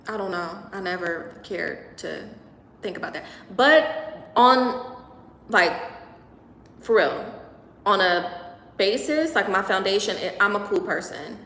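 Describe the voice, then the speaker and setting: A woman's voice: mid-range voice, lively intonation, slow pace, long pauses, fairly bright tone. Echoey young woman chatting on a livestream. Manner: chatty, reads and answers live comments. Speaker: livestream host. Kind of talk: casual livestream chat with viewers. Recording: echoey room with long reverb.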